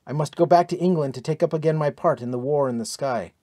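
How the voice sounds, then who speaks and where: Solemn American pilot hero voiced by a man, low and heavy, for an adventure audiobook. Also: fast talker, mellow, no room sound, studio quality, close to an everyday voice.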